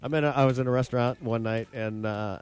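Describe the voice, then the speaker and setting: A man's voice: medium pitch, steady tone, fast talker, darkish tone, smooth, soft background music. A man hosting a morning radio show, reading odd news items and riffing on them with wry jokes. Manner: jokey, reads news items with wry asides.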